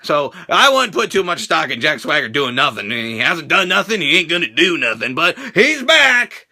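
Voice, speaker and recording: Brief: sarcastic ranting male reviewer, very high lively voice, bright and sharp. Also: normal speed, creaky. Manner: profane, sarcastic, animated ranting. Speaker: wrestling show reviewer. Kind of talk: ranting reaction vlog.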